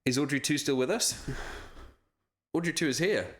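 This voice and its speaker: A man's voice: fairly high pitch, animated, normal speed, a bit bright, slight background noise. A man hosting a casual live stream from his room, chatting with viewers, reading out their messages and joking at his own expense. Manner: chatty, jokey, reads chat aloud, self-deprecating. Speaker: voice actor streaming a signing. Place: home room with lamps and streaming setup.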